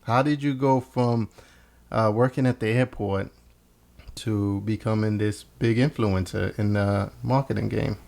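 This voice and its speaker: A man's voice: fairly low pitch, steady tone, a little slow, creaky, a little mellow. A man hosting a casual business chat show, joking and laughing often as he talks. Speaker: podcast host.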